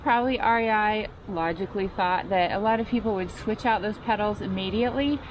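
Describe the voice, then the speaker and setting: A woman's voice: mid-range voice, a little fast, dull audio. A woman chatting casually while reviewing her bike outdoors, laughing often and poking fun at herself. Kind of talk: casual chat while riding. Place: outdoors on trails and roads. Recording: noisy outdoor recording.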